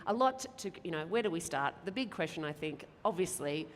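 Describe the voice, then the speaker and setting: A woman's voice: on the low side, animated, fairly quick, slight background noise. A woman hosting a live stage interview, asking questions in an effusive, gushing way. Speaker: host. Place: large event hall on a live stage. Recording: reverberant hall with music behind.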